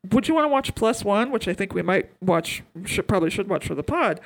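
A woman's voice: medium pitch, animated, fairly quick. A woman co-hosting a podcast, chatting casually and retelling movie scenes with acted-out quotes. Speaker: podcast co-host. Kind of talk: casual chat.

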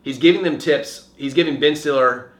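A man's voice: mid-range voice, moderate pace. A man co-hosting a casual movie podcast, retelling scenes and acting out the quotes. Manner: animated storyteller, acts out quotes. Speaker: podcast co-host. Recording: echoey room.

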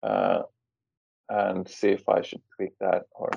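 A man's voice: low-pitched, very animated, slow pace, vocal fry, slightly rough, highs cut off. A man hosting an interview, speaking hesitantly and thinking aloud. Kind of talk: casual interview talk.

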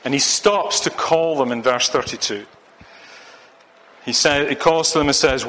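A man's voice: mid-range voice, a little slow, a bit bright. A man from Scotland preaching a sermon, earnest and urging, repeating phrases for emphasis. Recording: long hall reverb.

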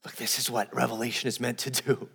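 A man's voice: mid-range voice, level tone, fast talker, gravelly, sharp tone, husky, in a large hall. A man pastor preaching a sermon, earnest and emphatic, often repeating words as he builds a point.

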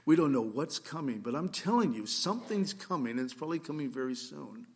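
A man's voice: mid-range voice, expressive, a little fast, hardly any pauses. A male pastor giving a conversational sermon, telling a story earnestly with frequent restarts.

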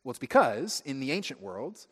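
A man preaching a sermon as pastor, telling stories with lively, acted-out asides. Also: mid-range voice, normal speed, slightly rough. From United States. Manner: animated storytelling, acting out friends' voices. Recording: long hall reverb.

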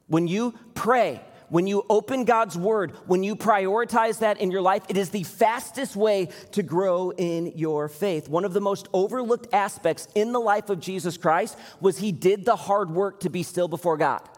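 A man's voice: sits high, moderate pace, hardly any pauses, big-room sound. A man preaching a sermon as pastor, earnest and building to impassioned appeals.

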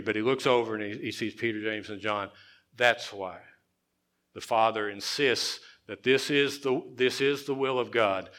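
Bright-voiced male pastor preaching. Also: fairly low pitch. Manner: conversational preaching, dropping to quiet emphasis, repeats phrases. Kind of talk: sermon.

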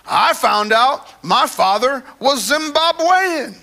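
A man preaching a sermon in a church, telling his own story in a lively, chatty way and drawing in the congregation. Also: very high voice, slow pace. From United States. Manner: animated, conversational, talks to the crowd. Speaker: guest preacher.

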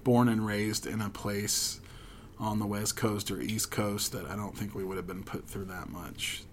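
A man's voice: on the low side, fairly even intonation, measured pace, slight background noise. A young man hosting a casual podcast chat, blunt and teasing, swearing freely. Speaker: podcast host.

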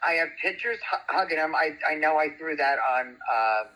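A woman, a guest telling a story in animated, chatty talk. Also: low voice, moderate pace, low-quality recording. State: single parent. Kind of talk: casual storytelling chat.

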